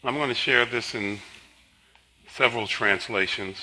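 An older man in his sixties preaches from the pulpit, his voice strikingly bright and sharp. He sounds tired, yet he talks easily, telling stories and steering his listeners between passages. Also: mid-range voice, low-quality recording. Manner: leads congregation in slow emphatic spoken confession; conversational storytelling between scripture. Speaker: pastor. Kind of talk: sermon.

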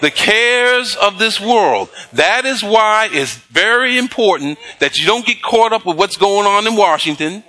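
A man preaching a sermon, reading scripture slowly and pausing to prompt the congregation with call-and-response questions. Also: high voice, animated, pushed and bright. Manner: slow emphatic scripture reading. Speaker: pastor.

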